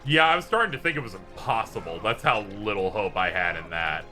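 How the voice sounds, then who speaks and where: A man's voice: lowish voice, animated, a little fast, pushed and bright, soft background music. A man streaming a video game, chatting with viewers in a jokey, reactive way. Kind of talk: casual gameplay commentary.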